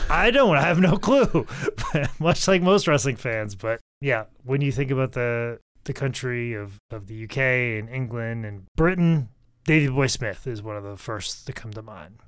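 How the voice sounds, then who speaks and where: A man's voice: mid-range voice, expressive, a little slow, fairly bright tone, clear, resonant tone, dry recording. A man co-hosting a comedic podcast, rambling through mock-serious rants. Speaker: podcast co-host.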